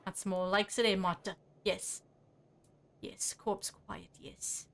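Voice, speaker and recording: A woman's voice: medium pitch, little pitch movement, slow pace, creaky, a bit bright, slight background noise. Grumbling sing-song hag, voiced by a woman streamer; sour, mutters to herself. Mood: muttering. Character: sour old woman corpse-robber, mumbling, sing-song.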